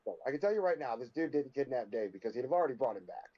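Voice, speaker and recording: Very fast and lively in intonation, a man co-hosts a podcast, trading crude improvised comedy banter. He's blunt and insulting, his pitch swinging widely, and the audio is dull and lo-fi.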